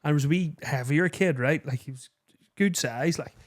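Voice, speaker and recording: A Belfast man co-hosting a podcast, with a voice a touch higher than most men. He laughs often, swears freely and launches eagerly into stories. The talk is relaxed banter. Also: moderate pace. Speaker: podcast co-host.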